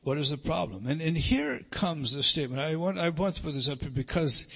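A middle-aged man preaching a sermon, emphatic, rising to loud stresses and dropping to hushed lines. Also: a little high, lively intonation, fairly quick, vocal fry, husky. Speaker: pastor.

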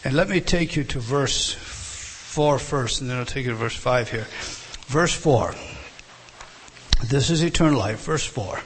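A man's voice: medium pitch, lively intonation, unhurried, slight background noise. A man preaching an expository sermon, emphatic and prone to repeating words and restarting phrases.

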